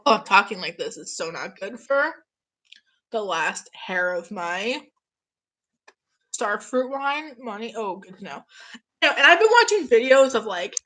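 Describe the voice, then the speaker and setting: A young woman in her twenties chats eagerly on a live stream, her voice sitting a little high. She is getting over an illness and talks in a gushing, rambling way, answering viewer comments. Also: fairly bright tone. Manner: gushing, chatty, reads out chat comments. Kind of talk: casual live-stream chat.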